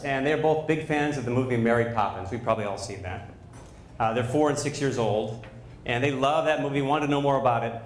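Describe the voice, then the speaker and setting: A man in his thirties works a comedy club stage with a handheld mic. He talks in a deadpan, mock-instructional way with punchy pauses. The room sounds roomy, with a faint hum behind him. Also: mid-range voice. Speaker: stand-up comedian. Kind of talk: stand-up comedy set. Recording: roomy live club recording.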